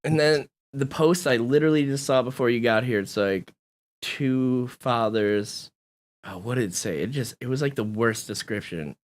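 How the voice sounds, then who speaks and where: A man's voice: medium pitch, a little fast, hardly any pauses. A man hosting a casual home podcast, swearing freely and laughing often. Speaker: podcast host. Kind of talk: casual chat. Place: small home room.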